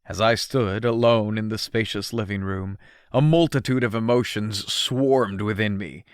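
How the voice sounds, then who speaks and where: Guy narrating an audiobook, lively storytelling, dry close mic sound. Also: lowish voice, measured pace, clear, resonant tone, no echo. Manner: expressive first-person storytelling.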